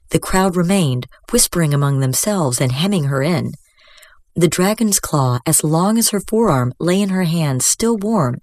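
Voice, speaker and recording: A woman reading a fantasy story aloud in a steady, measured manner into a close mic. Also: deep voice, no echo. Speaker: story reader. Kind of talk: scripted story narration.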